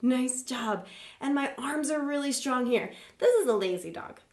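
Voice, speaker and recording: A woman leading a live online yoga class for kids, gentle, encouraging and playful as she talks through each pose. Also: sits high, expressive, moderate pace, roomy sound. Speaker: yoga teacher for children.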